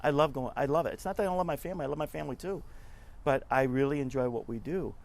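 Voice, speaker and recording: A middle-aged man, a nonprofit club leader, giving a casual interview and telling stories in a lively way, often acting out what people said. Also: mid-range voice, rapid-fire, vocal fry. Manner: chatty, animated storyteller who acts out quotes.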